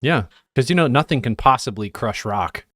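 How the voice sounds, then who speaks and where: A man's voice: mid-range voice, expressive, normal speed, fairly bright tone, no echo, clean studio sound. A man co-hosting a podcast in casual chat, teasing and sarcastic. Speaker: podcast co-host.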